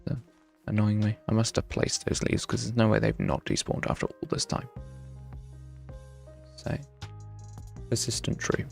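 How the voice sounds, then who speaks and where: A young man from the UK streams a game and chats casually and self-deprecatingly with his chat, answering their messages. His fairly low, gravelly voice is flat and measured with frequent pauses, and soft music plays in the background.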